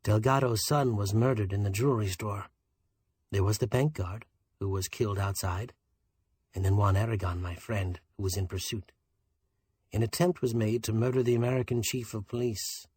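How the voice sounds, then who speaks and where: Toneless island detective, low and subdued, voice a bit husky, read by a male narrator. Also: steady tone, normal speed, a little mellow, no echo. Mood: measured. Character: calm, quietly steady small island detective.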